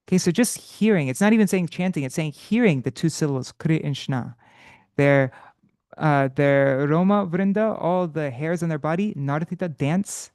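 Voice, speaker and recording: A man's voice: a little high, darkish tone, clear, resonant tone, no room sound, clean studio sound. Man thinking aloud through verses. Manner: thinking aloud, halting, with restarts and self-corrections; chants verses slowly in a sung tone. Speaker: teacher of scripture study. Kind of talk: unprepared live study session.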